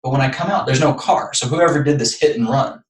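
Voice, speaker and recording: Podcast guest, earnest man from texas, mid-pitch voice, sits back from the mic. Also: a little fast, distant mic. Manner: earnest, building up anecdotes step by step. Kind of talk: personal storytelling. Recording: echoey room, voice off-mic.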